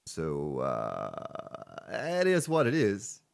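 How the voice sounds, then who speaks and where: Folksy, playful man with a lively voice. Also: low-pitched, very slow, gravelly. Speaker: let's play host. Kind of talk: casual gameplay commentary.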